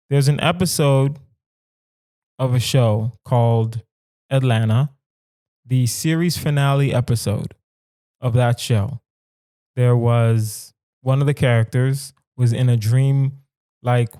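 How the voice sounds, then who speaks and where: A man's voice: mid-range voice, dark tone, clean tone, no echo. Young male podcast host, comedic riffing, emphatic repetition, dry close sound, mid-range voice. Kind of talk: casual comedic monologue.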